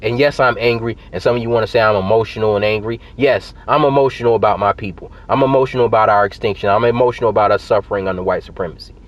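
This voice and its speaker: A man's voice: lowish voice, steady tone, rapid-fire, few pauses, lo-fi sound. A man giving heated, emphatic political commentary to his viewers in a direct-to-camera vlog, repeating his points for force. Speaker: political vlogger.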